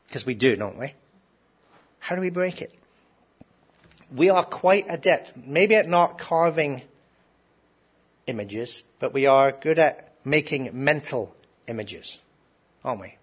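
Husky-voiced man preaching a sermon. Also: mid-range voice, unhurried, pauses often. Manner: conversational preaching with rhetorical questions and restarts. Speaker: pastor.

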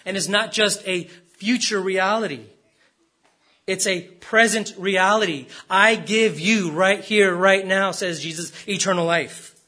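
A man's voice: high voice, pushed and bright. A man preaching a sermon as pastor, stressing words and repeating rhetorical questions.

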